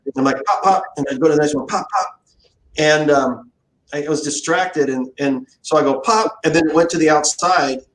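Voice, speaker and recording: A man swapping stories on a livestream, his voice sitting a little high and rising sharply as he acts out what he said back then. He swears freely and keeps the tone loose. The sound carries a noticeable room echo, with a faint hiss underneath. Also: normal speed. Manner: animated, profane, acts out quotes. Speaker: livestream host, guitar builder. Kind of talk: casual storytelling chat. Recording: roomy echo.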